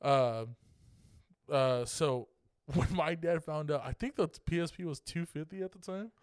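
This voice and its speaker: A young man from California co-hosts a podcast and tells a long story in a loose, rambling way with lots of swearing. His voice is smooth and clear and sits a little high. The close mic makes it sound dry, with no room echo. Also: measured pace, darkish tone. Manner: profane, rambling, laughing as he talks. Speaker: podcast co-host. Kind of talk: casual storytelling chat.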